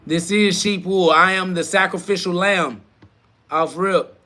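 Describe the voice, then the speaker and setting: Here a male podcast host speaks at a measured pace in a bright, forceful tone, running a live self-talk show. He preaches in repeated short slogans and fires back in crude slang at critics he quotes, with his voice cracking into high shrieks once heated.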